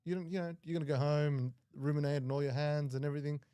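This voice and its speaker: A young Australian man commentating a live poker stream in quick, jokey banter. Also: a little high, fairly even intonation, mellow, clean tone. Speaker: poker commentator, venue staff.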